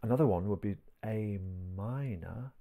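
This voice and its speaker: A man teaching a piano piece step by step. He talks gently while he plays and counts the beats aloud. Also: on the low side, a little slow, gravelly. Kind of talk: piano tutorial, talking while playing. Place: indoors at a piano. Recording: talk over loud piano playing.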